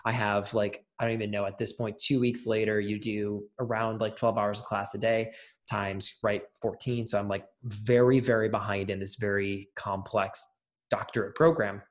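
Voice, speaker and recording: A man's voice: on the low side, little pitch movement, normal speed. A young adult man, an interview guest, telling a personal story in casual conversation, with many fillers and restarts.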